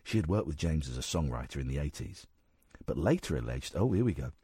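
A man's voice: very deep voice, lively intonation, fairly quick, warm tone, slightly rough, no echo. A man hosting a radio show, reading news stories aloud and breaking off with sarcastic asides. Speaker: radio host. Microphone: studio microphone.

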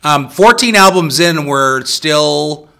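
A man's voice: on the high side, animated, slow pace, creaky, pushed and bright, clean tone. A man being interviewed as a band member, chatting playfully with rambling asides. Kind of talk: casual interview chat.

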